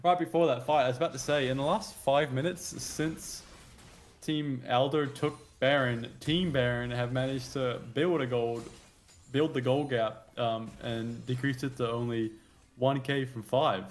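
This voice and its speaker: A man's voice: mid-range voice, measured pace, slight background noise. Male colour caster, everyday middle voice, easygoing and conversational. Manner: relaxed, chatty, self-correcting. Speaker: esports color commentator. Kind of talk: casual co-commentary.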